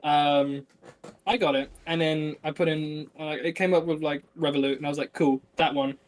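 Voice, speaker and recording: A man's voice: on the high side, level tone, normal speed. A young man co-hosting a casual podcast, talking loosely with lots of restarts and trailing asides. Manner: rambling, self-interrupting, many fillers and restarts. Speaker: podcast co-host. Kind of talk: casual chat.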